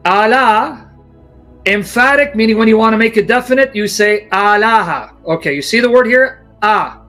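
A man's voice: high voice, fairly bright tone. A man giving a sarcastic, emphatic lecture as a Christian apologist, reacting to a video. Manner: sarcastic, then emphatic and teacherly.

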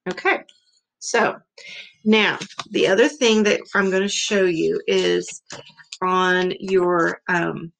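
Female teacher, low gravelly voice, slow and patient, phonics lesson over a computer mic. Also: steady tone, fairly bright tone, slight background noise, poor audio. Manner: slow, patient, sounds out letters repeatedly. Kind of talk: remote phonics lesson for young children.

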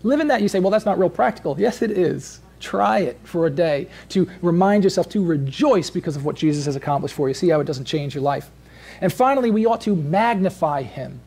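A man's voice: on the high side, expressive, brisk, darkish tone, husky. A man preaching a sermon in a church, talking in a loose, conversational way with many restarts, asides and frequent "right?" checks to the congregation. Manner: tags points with "right?" and "all right?". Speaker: pastor.

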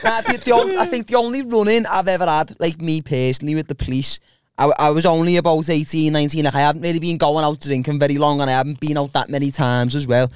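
A young man with a Liverpool accent, telling a story as a podcast co-host in casual comedy chat, jumping into high voices for quotes. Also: quick pace, clear, resonant tone.

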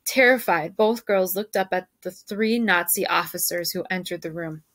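A woman's voice: lowish voice, moderate pace, a bit bright, dry recording. Woman teacher reading aloud, dry sound. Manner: clear, questioning, explaining. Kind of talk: reading a novel aloud to students.

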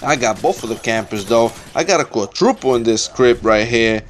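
A man's voice: mid-range voice, lively intonation, moderate pace, a little hiss or hum. A young man giving casual, trash-talking commentary over his own gameplay, swearing often and getting exasperated.

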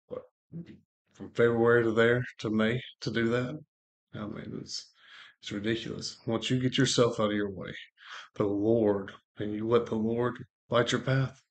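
A man co-hosting a faith podcast, telling a personal testimony as a lively storyteller who acts out what people said. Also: fairly low pitch. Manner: lively storyteller acting out quoted dialogue. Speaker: co-host sharing a testimony.

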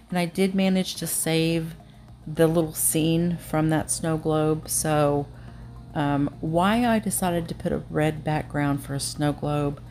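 A woman's voice: low-pitched, darkish tone. A woman narrating a nail art tutorial at home, chatty and self-deprecating, with frequent ums.

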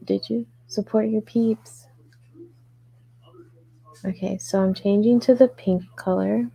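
A woman's voice: medium pitch, fairly even intonation, takes it slowly, creaky, warm tone, husky, low-quality recording. A woman hosting a live crochet tutorial, chatting casually with viewers, answering their comments and murmuring her stitch counts as she works. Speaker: crochet livestream host.

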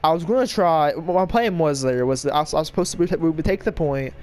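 A man giving casual gameplay commentary, talking fast with jumbled words, frequent stutters and restarts. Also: fairly high pitch. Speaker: gaming channel host. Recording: loud gunfire and battle game sounds behind. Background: shooter game audio with gunfire and vehicles.

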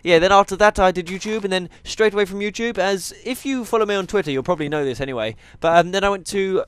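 A man's voice: high voice, fast talker, smooth. A tired young man, chatting casually as he plays a game and teases the animals on screen. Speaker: gaming YouTuber. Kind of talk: casual let's-play commentary.

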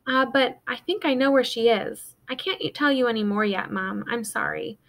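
An earnest young boy, as a woman reads his lines in a raised, youthful pitch. He sounds defensive and sincere about keeping his secret. It comes from a storybook read aloud. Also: normal speed, creaky, a bit bright.

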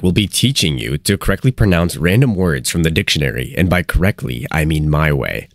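A young man hosting a comedic mock pronunciation tutorial, introducing himself in a grand, deadpan way. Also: low voice, a little fast, dry recording, studio quality. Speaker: pronunciation video host.

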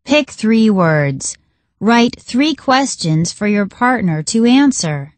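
A woman teacher reading a story aloud to a class in a clear, measured way. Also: mid-range voice, sing-song, no room sound.

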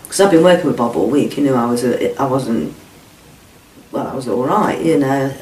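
A woman's voice: very deep voice, moderate pace, a little mellow. A woman tells her own harrowing story in a blunt, unvarnished way, swearing freely and voicing the people in it. The recording is distant and roomy, with a faint hiss underneath. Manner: blunt, swears freely, quotes speech in dialogue. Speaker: interviewee recounting a past ordeal. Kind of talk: emotional first-person testimony. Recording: echoey room, distant mic, faint noise.

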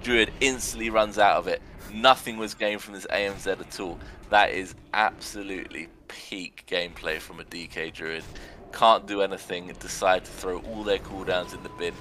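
Young man, game commentary, sarcastic and excitable, bright forceful tone. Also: sits low, normal speed, a little hiss or hum. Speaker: arena commentator.

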